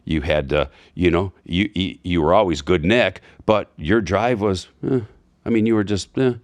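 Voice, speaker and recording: A man in his fifties with a very deep, low-pitched voice tells stories in a relaxed chat. He slips in and out of the lines of the people he quotes, with asides and restarts. The recording is dry and close, with almost no room sound. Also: normal speed, dry recording. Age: 50s. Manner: storytelling, acting out quoted dialogue. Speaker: podcast guest. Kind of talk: casual conversation. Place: Florida.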